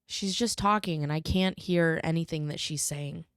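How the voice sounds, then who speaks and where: Woman podcast host, personal storytelling, low-pitched and clean-voiced, dry close sound, earnest emotional delivery. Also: normal speed, smooth, dry recording.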